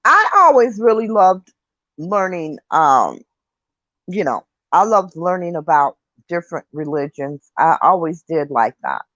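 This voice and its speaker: A woman's voice: fairly low pitch, very animated, measured pace, fairly bright tone, dry recording, muffled recording. An older woman hosting a casual online talk show, reading viewer comments and chatting with light laughter and mild swearing. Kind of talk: casual chat.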